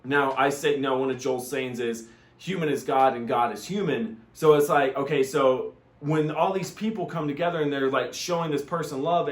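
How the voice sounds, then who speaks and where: Male vlogger, casual rambling monologue, earnest delivery, reverberant room sound. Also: medium pitch. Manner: rambling, filler-heavy, earnest.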